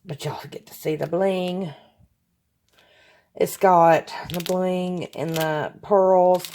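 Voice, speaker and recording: Woman vlogger, slow and lowish, gushing with heartfelt thanks. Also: steady tone, a little mellow, a little hiss or hum. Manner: gushing, apologetic, emotional, sighs often. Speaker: crafting channel host. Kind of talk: casual chat to camera. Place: home room with hardwood floor.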